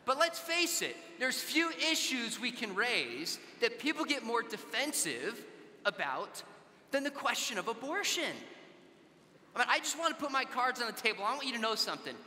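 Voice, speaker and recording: With a big-room sound and slight background noise, a Southern Californian man speaks in a very high-pitched, sing-song voice that's bright and forceful, at normal speed. Storytelling for a youth audience in a large conference hall, he keeps it conversational and performs the dialogue within his anecdotes.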